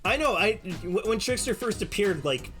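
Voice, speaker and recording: A man's voice: sits high, lively intonation, normal speed, a bit bright, faint music behind. A man streaming a game, chatting casually and rambling, stammering with repeated words. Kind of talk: casual gaming stream commentary.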